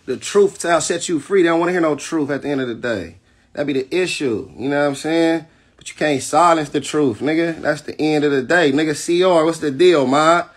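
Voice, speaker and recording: A man delivers a defiant, profane livestream rant as a battle rapper. His voice sits high for a man and has a husky edge. He talks aggressively and keeps checking in with his listeners. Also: a little fast. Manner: keeps asking "you know what I'm saying".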